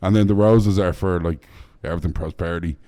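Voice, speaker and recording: A man's voice: low voice, fast talker, warm tone. A man with an Irish accent, chatting as a guest chef on a podcast, blunt and profane. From Ireland. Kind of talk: casual podcast chat.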